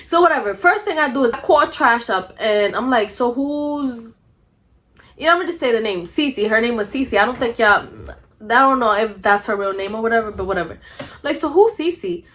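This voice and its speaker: A young woman telling a storytime in a casual vlog, talking in an animated, blunt way, swearing freely and coughing now and then. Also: fairly high pitch, fast talker. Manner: coughs often between phrases.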